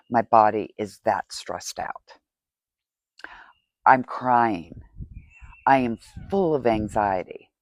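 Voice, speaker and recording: A podcast host with an extremely low, slightly mellow voice delivers a candid, confessional monologue, tearful at times and often asking a rhetorical "right?" The recording has no echo.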